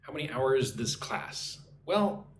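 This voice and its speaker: A chatty American man hosting a casual live stream, reading out viewers' comments and answering them one by one. His pitch moves around a lot as he talks. The room sounds echoey, with a faint hum of ambient noise underneath. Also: animated, takes it slowly. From United States. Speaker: online English teacher.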